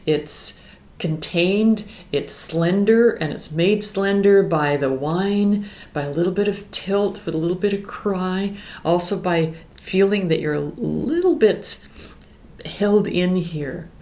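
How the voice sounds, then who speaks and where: A middle-aged woman vocal coach explaining singing warm-ups in a calm, explanatory way. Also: lowish voice, slow pace. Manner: calm, explanatory, breaks into sung exercises. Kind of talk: singing lesson with demonstrations. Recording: echoey room with piano. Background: piano.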